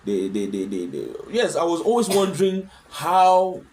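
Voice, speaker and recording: A man's voice: fairly high pitch, big pitch swings, moderate pace, a little mellow. A man talking as a guest in a conversational interview, earnest and fond of rhetorical questions. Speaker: husband sharing his experience as a guest.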